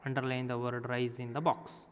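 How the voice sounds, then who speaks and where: Man, teacher, children's grammar lesson, smooth resonant voice, echoey room. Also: medium pitch, little pitch movement. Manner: slow, deliberate, spells words out letter by letter. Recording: echoey room with long reverb.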